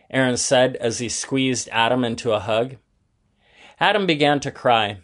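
A man with a mid-range voice narrates a children's story aloud at a measured pace, using a gentle, even storytelling manner.

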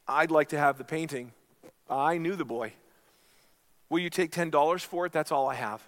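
A man voicing a humble older man who speaks quietly and plainly. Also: a little high, moderate pace, in a large hall, close to an everyday voice.

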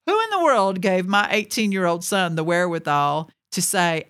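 Lady in her 40s sharing her testimony, lowish voice, lively storyteller, chuckles a lot and talks right at the crowd. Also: moderate pace, few pauses. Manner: animated storyteller, laughs between lines, talks straight to the audience. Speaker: ministry speaker and mother.

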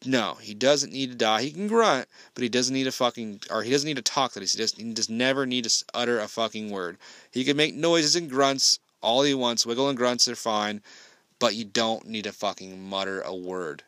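A man's voice: medium pitch, normal speed, a bit bright, no room sound. A man giving a casual spoken film review, ranting bluntly and swearing heavily.

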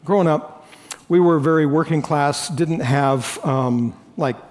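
A male pastor with a high-pitched voice delivers an earnest sermon. He moves between bold, raised emphasis and quiet, reflective passages. A long reverb from the church hall trails each phrase. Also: unhurried, a little hiss or hum. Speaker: lead pastor.

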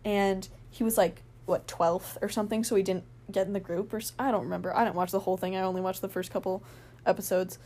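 A young woman telling a rambling, excited story in a casual vlog, full of fillers and laughs. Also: mid-range voice, fast talker.

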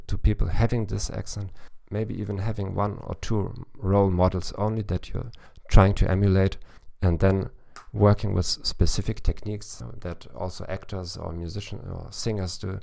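Gravelly low-voiced man giving advice. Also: mellow. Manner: thoughtful, with frequent restarts and fillers. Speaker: language coach podcast host. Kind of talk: solo advice podcast.

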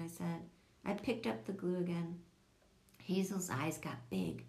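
A woman narrating a children's audiobook, telling it in a lively storytelling manner. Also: a little slow, vocal fry. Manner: lively storytelling, voicing children in higher tones.

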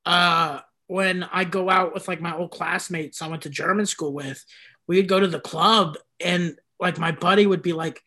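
A stand-up comedian chatting casually on a podcast, telling slangy, laid-back stories and acting out little bits. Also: male voice, high voice, steady tone, moderate pace, pushed and bright.

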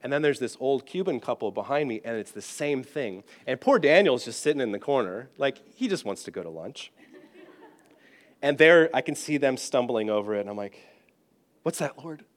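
A British-born man, a pastor, telling a personal story in an animated, self-deprecating and humorous way. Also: mid-range voice, brisk. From Britain. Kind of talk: storytelling sermon.

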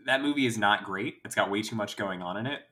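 A man's voice: fairly low pitch, fast, sharp tone. A man co-hosting a podcast, giving wry, opinionated takes on movies. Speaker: podcast co-host. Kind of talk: casual movie discussion.

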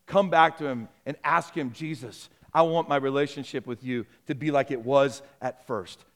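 A male pastor delivers a sermon in a high voice. He preaches with passion, then drops to a soft, low tone as he leads a prayer.

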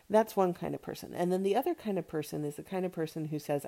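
A woman's voice: on the low side, fast, vocal fry, few pauses, dark tone. An American woman hosting a solo podcast, chatting casually and rambling with plenty of fillers. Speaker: podcast host.

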